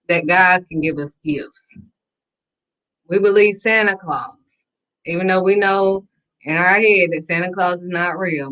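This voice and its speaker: A bright, clear-toned woman speaking in an emphatic, preachy talk to camera. She is sassy and direct, and repeats her lines for effect. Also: on the low side. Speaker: faith vlogger.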